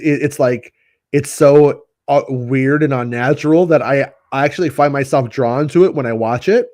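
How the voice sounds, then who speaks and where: A man co-hosting a casual chat podcast, animated and profane, who slips into mocking voices. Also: mid-range voice, normal speed. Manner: animated, swears, mocks voices. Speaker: podcast co-host.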